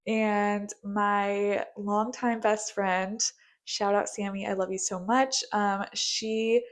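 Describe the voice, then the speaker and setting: A young American woman talking in a relaxed, chatty way, bubbly and gushing. She drops plenty of casual fillers and sits at an ordinary, middle pitch. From United States. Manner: bubbly, gushing, filler-heavy with frequent likes. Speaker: book vlogger. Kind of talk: casual chat.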